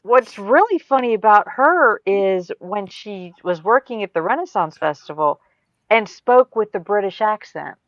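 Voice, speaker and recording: A woman's voice: mid-range voice, animated, a little slow, no echo. Middle-aged woman, Ohio accent, wry and matter-of-fact, slightly muffled dry recording. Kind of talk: casual chat.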